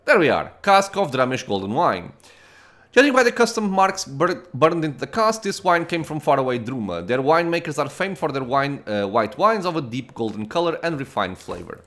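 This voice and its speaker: A man hosting a let's play, reading the game's story text aloud with casual asides and quick self-corrections. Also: a little high, very animated, fairly bright tone.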